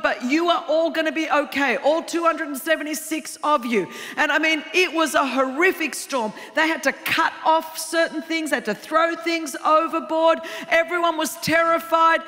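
A woman preaching a sermon in an animated, self-deprecating storytelling way. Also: high voice. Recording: long hall reverb.

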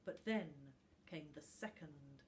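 Slow, gentle woman reading a bedtime story. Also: low-pitched, noisy background. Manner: calm, gentle storytelling with dramatic pauses. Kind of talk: bedtime story read-aloud.

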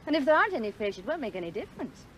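An actress playing a restless, bored aristocratic lady, speaking in a breathy, languid, coaxing way in a 1970s television drama. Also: on the high side, big pitch swings, racing, slight background noise. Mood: languid teasing. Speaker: lady of a Scottish estate.

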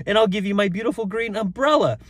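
A man voicing a frightened little boy in a storybook, his voice pushed up high and pleading. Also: fast, dry recording, close to an everyday voice.

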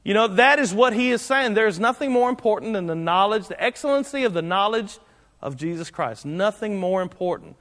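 Pastor, high voice, folksy sermon delivery, echoing church hall. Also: male voice, expressive, brisk, a bit bright. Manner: folksy, conversational preaching with repetitions and restarts.

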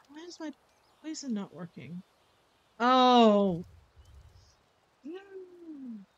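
A woman's voice: fairly high pitch, big pitch swings, very slow, long pauses, dull audio. A woman streaming a game, chatting casually and rambling with lots of fillers and self-corrections. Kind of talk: casual gaming chat. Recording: faint background noise.

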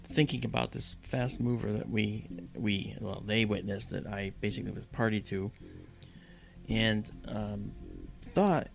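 Gravelly-voiced man telling a story. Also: on the low side, unhurried, soft background music. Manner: lively storyteller who acts out dialogue. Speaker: podcast guest. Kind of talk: casual spoken anecdote.

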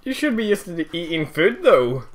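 Brief: young man, slightly higher voice, dry teasing banter. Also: very animated, normal speed. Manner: teasing, sarcastic. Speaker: co-host gamer. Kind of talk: casual let's play banter.

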